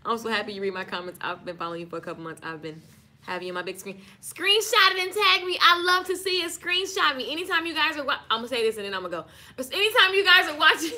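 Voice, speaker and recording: A woman's voice: sits high, fast, pushed and bright. A woman with a Southern US accent, chatting casually and playfully on a live stream about marketing. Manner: chatty, playful, signs off again and again.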